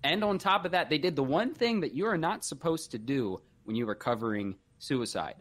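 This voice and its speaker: A man's voice: fairly high pitch, lively intonation, fairly quick. A man co-hosting a casual podcast, speaking bluntly and emphatically with harsh criticism. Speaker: podcast co-host. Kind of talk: casual chat.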